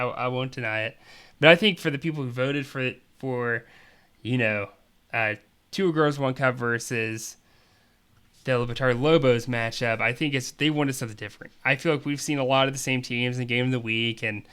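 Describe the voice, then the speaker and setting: A man talks through fantasy matchups in a loose, casual host style. His voice is bright and forceful, and his analysis wanders with plenty of fillers and restarts. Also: mid-range voice, clear, resonant tone. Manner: rambling, chatty, filler-heavy analysis. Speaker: fantasy league podcast host. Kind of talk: casual sports talk commentary.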